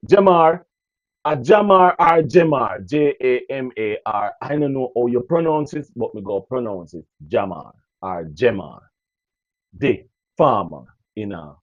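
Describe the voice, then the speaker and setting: A Jamaican man vlogging to his viewers in casual patois, animated and preachy, often repeating phrases. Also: mid-range voice, dry recording. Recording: dull lo-fi dry recording.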